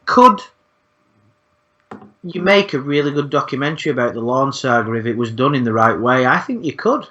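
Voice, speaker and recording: A man talks casually as a channel host, rambling from thought to thought and swearing freely. His voice sits at an ordinary middle pitch. The recording sounds dull and lo-fi. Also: lively intonation, moderate pace, pushed and bright. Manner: rambling, frequent swearing, repeats words. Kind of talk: casual podcast chat.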